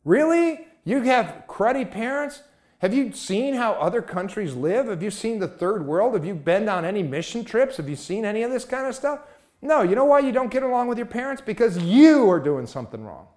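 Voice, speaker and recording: A man's voice: high-pitched, big pitch swings, fairly quick, darkish tone. A man giving a motivational talk, emphatic and full of rhetorical questions.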